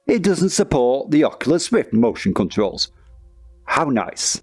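A man's voice: mid-range voice, sing-song, moderate pace, a little mellow, breathy edge, dry recording. A man giving sarcastic first-impressions commentary while playing a VR game. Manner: sarcastic, dry. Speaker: gaming video host. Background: game music.

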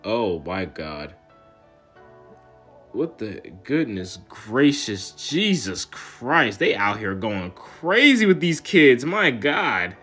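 A man's voice: medium pitch, sing-song, takes it slowly, a bit bright, slightly rough, faint music behind. A man hosting a webtoon reaction video, reading panels aloud and reacting in a slangy, exclaiming way with frequent laughs.

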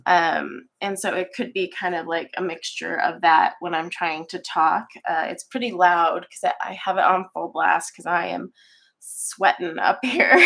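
A woman's voice: on the low side, gravelly, a bit bright. A woman hosting a casual coloring livestream from her home art studio, chatty and rambling with many ums, her voice stuffy and congested, on a webcam mic. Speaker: coloring channel host.

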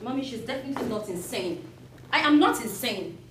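A woman's voice: on the high side, expressive, fairly quick, a bit bright, slight background noise. An actress playing a defiant young woman with a Nigerian accent, confronting her uncle in front of her mother. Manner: taunting, confrontational. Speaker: daughter.

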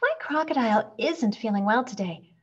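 A woman's voice: expressive, moderate pace, husky, dull audio. A woman doing a fussy, fluttery old lady. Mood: flustered. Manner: flustered, high and fluttery. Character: fussy anxious older lady, crocodile owner.

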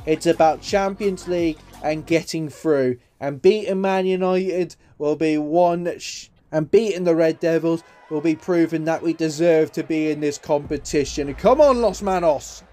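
A man commentating his own football video game career, jokey and excitable. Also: fairly high pitch, unhurried, few pauses, faint music behind. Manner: excitable, jokey, says literally a lot. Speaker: gaming YouTuber.

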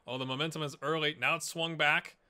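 Man, game commentary, very bright voice, a bit high, chatty, self-mocking. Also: fairly even intonation, a little fast, smooth. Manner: chatty, self-mocking, cheering his players on. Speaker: gaming YouTuber.

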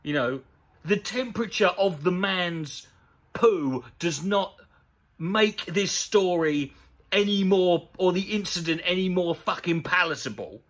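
A man delivers a profane, sarcastic comedy rant. His voice sits high and swings widely up and down. He keeps an animated, mocking edge throughout. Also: a little slow. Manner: sweary, sarcastic, animated ranting. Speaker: comedy commentator. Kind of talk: ranting comedic commentary on a news story.

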